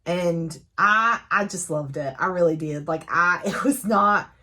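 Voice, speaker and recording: A woman's voice: on the low side, unhurried, bright, forceful tone. Chatty woman book reviewer, laughing often. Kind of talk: casual chat to camera.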